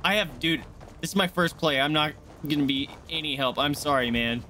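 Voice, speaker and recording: A young man streaming a game live, swearing and panicking in excitable outbursts. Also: fairly high pitch, moderate pace, a little hiss or hum. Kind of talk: live gameplay commentary.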